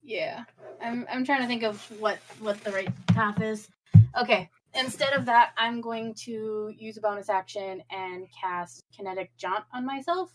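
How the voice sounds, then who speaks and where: A woman's voice: fairly high pitch, unhurried, fairly bright tone, slight background noise. A woman playing a tabletop role-playing game, thinking aloud about her character's moves with hesitations. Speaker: player. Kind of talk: casual tabletop game play.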